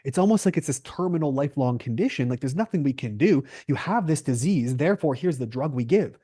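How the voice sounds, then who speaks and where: Canadian man, nutritionist guest, emphatic and questioning, warm tone, dry close sound. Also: on the high side, lively intonation, quick pace, husky, no room sound. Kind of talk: podcast interview.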